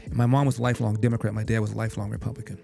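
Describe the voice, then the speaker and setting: A man's voice: fairly low pitch, little pitch movement, very fast, vocal fry. An older man recounting a family story as a podcast guest, quoting his father in direct speech. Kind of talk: storytelling in an interview. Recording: music bed behind the voice.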